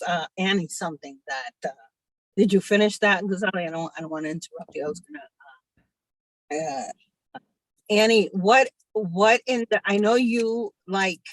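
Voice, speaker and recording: Woman, hypnotist, low voice, halting with fillers, dry close audio. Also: no room sound, low-quality recording. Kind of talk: casual panel chat.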